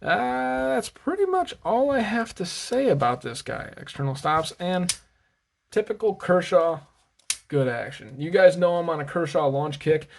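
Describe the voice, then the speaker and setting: A man's voice: high voice, animated, measured pace, vocal fry, slight background noise. A man hosting a casual show-and-tell vlog, chatty and rambling, often correcting himself, slightly out of breath. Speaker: host of a knife and gear channel.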